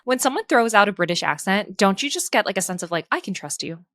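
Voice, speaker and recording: A woman's voice: mid-range voice, fast, no room sound. Chatty woman podcast co-host, dry sound. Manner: animated storyteller, acts out quotes, swears. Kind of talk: casual chat.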